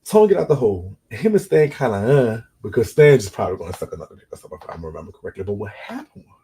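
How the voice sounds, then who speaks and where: A man's voice: on the low side, big pitch swings, very fast, warm tone. A man casually telling a story from his own life in a rambling, digressive, slangy way. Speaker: storyteller recounting his own prison experiences.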